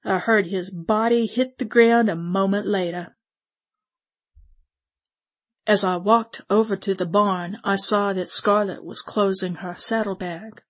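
A woman reading a western story aloud in the first person, with measured, steady storytelling. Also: mid-range voice. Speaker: audiobook narrator. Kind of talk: scripted first-person narration.

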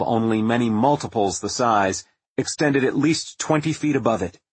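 A male narrator reads a story in a measured, even manner. His voice is husky, and the recording is dry and close, with no room sound. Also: medium pitch, no room sound. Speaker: audiobook narrator. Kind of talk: scripted narration.

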